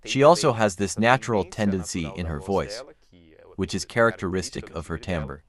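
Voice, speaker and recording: A man, a classical bass singer, calmly explaining vocal technique step by step while reacting to a live performance. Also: moderate pace. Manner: calm, explanatory, walks through vocal anatomy step by step. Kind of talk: reaction commentary analysing singing technique.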